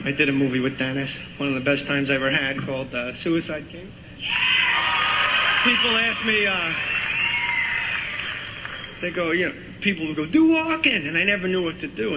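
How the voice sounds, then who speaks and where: A man, a comedian guest, telling a funny anecdote in an animated and emphatic way. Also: a little high. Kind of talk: comic anecdote. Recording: loud noisy background.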